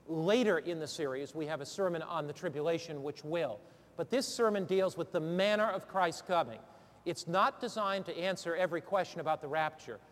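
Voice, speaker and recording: Man, preacher teaching preachers, high voice, rousing call-and-response questions, long ringing hall echo. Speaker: preacher training other preachers. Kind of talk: sermon-preparation instruction turning into preaching.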